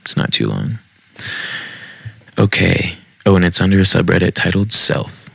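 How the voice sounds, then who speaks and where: A man reads Reddit stories aloud at home in a basement, his deep voice heavily gravelly with a husky edge, speaking in a sing-song way at normal speed and a bit bright. Between passages he drops casual, wry asides laced with swearing. The recording is dry and close.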